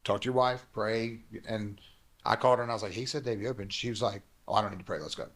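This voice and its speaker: A man, a pastor and guest, telling a personal story quickly and acting out the dialogue he quotes. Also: on the low side, fairly bright tone.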